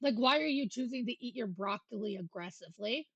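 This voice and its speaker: A woman's voice: on the high side, expressive, brisk, vocal fry, fairly bright tone, husky, dry recording, dull audio. A woman livestreamer chatting casually and joking with profanity as she reacts to videos. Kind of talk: casual stream chat.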